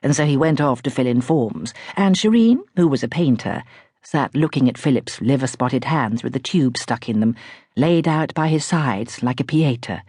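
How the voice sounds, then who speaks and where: A woman narrating a literary novel in a wry, lively storytelling manner with speech. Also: a bass voice, normal speed, slightly rough, no echo, clean studio sound. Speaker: audiobook narrator. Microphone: close studio mic.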